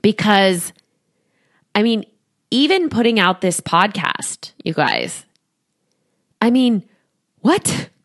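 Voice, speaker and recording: A woman in her thirties hosting a solo podcast as a coach, talking to a studio microphone, animated, often laughing and acting out quoted voices. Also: medium pitch, slow pace, long pauses.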